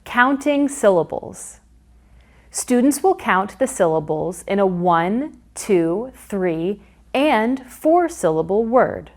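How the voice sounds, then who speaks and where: A woman reading a scripted teaching guide and pronouncing each syllable slowly and clearly. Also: medium pitch, big pitch swings, darkish tone. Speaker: curriculum narrator. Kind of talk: scripted instructional narration.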